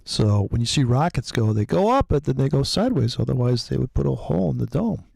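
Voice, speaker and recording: A man's voice: medium pitch, sing-song, quick pace, creaky, darkish tone, dry recording. A man talking casually and profanely, telling rambling stories in a loose chat.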